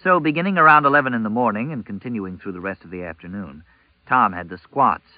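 Low-voiced male audiobook narrator. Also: lively intonation, fast talker, dry recording, narrow, tinny audio. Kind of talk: scripted novel narration.

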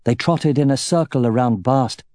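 A male audiobook narrator reading fantasy prose with measured, steady pacing. His voice sits in a mid range and sounds warm and mellow. The recording is dry and close. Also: mid-range voice, no room sound.

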